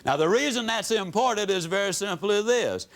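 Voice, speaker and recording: Male motivational speaker, somewhat high voice, folksy storyteller with big swoops in pitch, addressing a live crowd. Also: lively intonation, normal speed. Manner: folksy storytelling with sweeping rises and drops in pitch. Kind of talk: motivational speech to a live audience. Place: stage before an audience.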